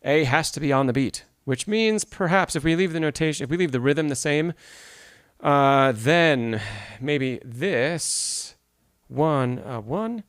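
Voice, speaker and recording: A man's voice: fairly high pitch, lively intonation, unhurried, fairly bright tone, clear, resonant tone, no room sound, studio quality. A man teaching piano in a live-streamed masterclass, explaining notation, answering chat questions and singing rhythms aloud.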